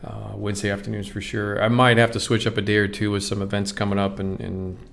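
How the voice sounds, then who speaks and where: A man's voice: lowish voice, little pitch movement, fast talker, gravelly. A man hosting a live stream, greeting viewers and reading their comments aloud in a casual, upbeat way. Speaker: livestream host.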